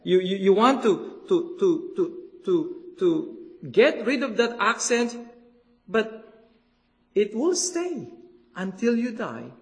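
Man, very high voice, sermon, earnest and halting, long hall reverb. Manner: earnest, halting, repeats words for emphasis. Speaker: preacher.

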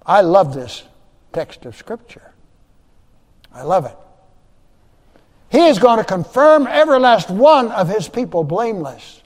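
A man delivers an emphatic sermon, repeating key phrases and swinging between hushed and loud. His voice sits high for a man. The sound rings with the long reverb of a large sanctuary. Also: big pitch swings, measured pace, pauses often. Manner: emphatic preaching, repeats phrases, rising and dropping loudness. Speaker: pastor.

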